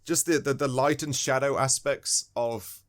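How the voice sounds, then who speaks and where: A man co-hosting a podcast, talking about a game in a rambling, animated way, searching for words and chuckling often. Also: mid-range voice, measured pace. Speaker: podcast co-host. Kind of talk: casual game discussion.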